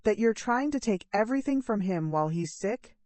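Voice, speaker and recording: A woman's voice: mid-range voice, expressive, fairly quick, darkish tone, no echo, pitched above the performer's own voice, natural voice. A woman voicing an angry adult son on the phone, with a tight, clipped, accusing manner, in a narrated audio story.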